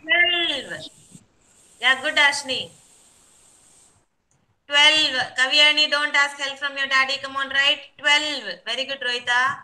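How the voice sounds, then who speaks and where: A woman teaching kindergarteners over a video call, slowly repeating numbers and coaxing the children. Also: sits high, steady tone, pushed and bright, low-quality recording. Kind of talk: online class instruction.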